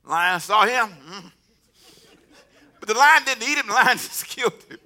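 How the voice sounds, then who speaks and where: Man, pastor, sermon, humorous, bright high voice. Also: normal speed. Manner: humorous, animated preaching with laughter.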